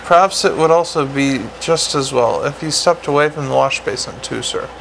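Butler figure, male reader voices him, soft deferential storybook voice, gravelly edge. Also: a little high, moderate pace, slight background noise, poor audio. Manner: formal, deferential, quiet. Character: polite, unflappable male butler.

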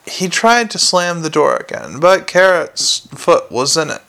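Gravelly man reading a novel aloud. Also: fairly high pitch, measured pace. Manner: steady narration with small slips and restarts. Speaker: narrator. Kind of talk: amateur audiobook reading.

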